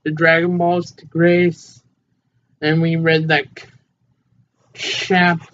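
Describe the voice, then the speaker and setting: A man's voice: on the high side, monotone, very slow, fairly bright tone. A young man co-hosting a podcast, rambling easily with fillers in casual chat. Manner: rambling, easygoing, hesitant fillers. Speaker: podcast co-host. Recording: dull lo-fi mic with faint noise.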